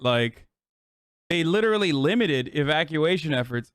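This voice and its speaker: A man streaming a casual reaction, ranting in an exasperated, profane and animated way. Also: medium pitch, fairly quick, smooth, no echo, clean studio sound.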